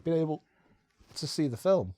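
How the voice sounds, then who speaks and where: A man riffing through a comedy film commentary, his voice sitting a bit high and swinging all over as he jokes. The sound is close and dry, with no room around it. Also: very animated, normal speed, dark tone, dry recording. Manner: bantering, wisecracking.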